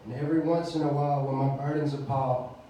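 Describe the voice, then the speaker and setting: A man's voice: mid-range voice, fast talker, far from the mic, a little hiss or hum. Southern man reciting poetry in an echoey room. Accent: Mississippi Southern. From Mississippi. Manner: excited chatty intro, then steady rhythmic recitation. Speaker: poet at open mic. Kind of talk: spoken word poetry recital. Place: small venue at an open mic night.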